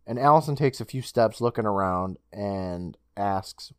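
A man co-hosting a casual podcast, retelling a TV episode scene by scene with swearing and quick character imitations. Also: on the low side, clear, resonant tone, dry recording. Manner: animated, swears, mimics characters while recapping. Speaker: podcast co-host recapping an episode.

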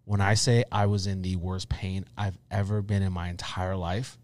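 A young man co-hosting a podcast, chatting casually and telling a story with animated repetition for emphasis. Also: low voice, moderate pace. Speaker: podcast co-host. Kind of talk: casual chat.

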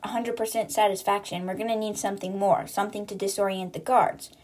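A woman reading a brisk young leader. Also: medium pitch, steady tone, darkish tone, lightly acted. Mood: urgent.

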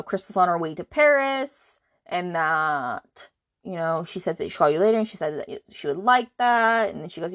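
A woman's voice: lowish voice, dry recording, studio quality. A woman hosting a book podcast, recapping a romance novel in a chatty, indignant way full of fillers. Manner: chatty, many "like"s, indignant asides.

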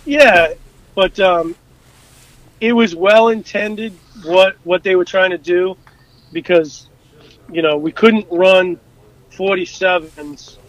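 High-voiced man telling lively sea stories. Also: rough recording. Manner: animated, acts out quotes, many fillers and restarts. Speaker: guest, former rescue boat crewman. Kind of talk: casual storytelling.

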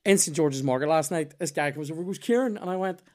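A podcast host with a Northern Irish accent and a fairly high-pitched voice talks fast in casual, swearing chat. He tells stories and laughs often.

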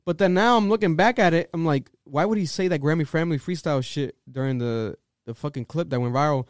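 A man with a slightly high voice talks in a loose podcast chat. He is animated and profane and often drops into quick imitations. The sound is dry and close. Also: no room sound. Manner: animated, profane, breaks into rapping and mimicking. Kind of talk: casual chat.

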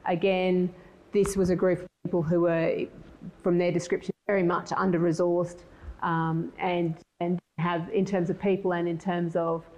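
A middle-aged woman giving a conference presentation in a measured, thoughtful way, often restarting her sentences. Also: lowish voice, level tone, a little mellow, low-quality recording. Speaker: conference speaker.

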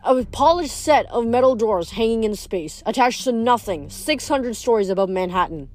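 A woman reading a novel aloud in steady narration, now and then stumbling over a word. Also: fairly high pitch, moderate pace, hardly any pauses, soft background music. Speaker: reader.

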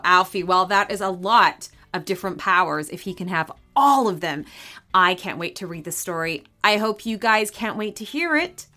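Lively, slow-paced woman storyteller. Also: mid-range voice. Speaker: podcast host and storyteller. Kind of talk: children's story narration.

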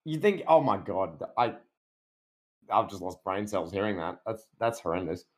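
A man co-hosting a podcast in casual chat, excitable and riffing with plenty of "like". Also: sits low, normal speed. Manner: excitable, riffs with lots of "like" and laughter. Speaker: podcast co-host.

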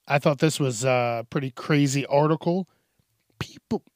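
A man's voice: mid-range voice, moderate pace, darkish tone, dry recording, clean studio sound. A man hosting a casual, profane news commentary show, rambling and laid-back as he reacts to stories. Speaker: host.

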